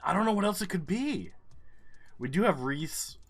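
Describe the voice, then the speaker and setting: A man's voice: sits high, very animated, moderate pace. A man commentating his own gameplay, thinking aloud, swearing and getting frustrated.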